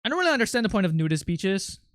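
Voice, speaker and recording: A man's voice: sits high, big pitch swings, rapid-fire, fairly bright tone, no echo, studio quality. A man chatting casually on a livestream, rambling with lots of fillers and restarts. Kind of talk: casual stream chat.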